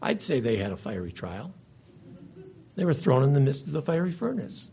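In a dull lo-fi recording, a pastor preaches a sermon with earnest, conversational delivery, occasionally restarting what he says. His mid-range voice is very animated at normal speed, creaky, dark in tone and edged with breathiness.

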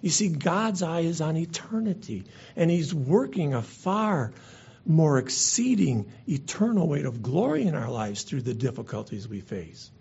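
A man's voice: fairly high pitch, very animated, unhurried, gravelly, a little mellow, slightly rough. A man preaching a sermon as pastor, earnest and conversational, sometimes restarting his words. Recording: dull lo-fi recording.

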